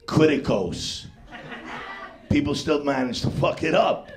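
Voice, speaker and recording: A man's voice: on the high side, unhurried, long pauses. A male stand-up comedian with a New York accent, brash and profane, delivering a punchy club set. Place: comedy club stage, live audience.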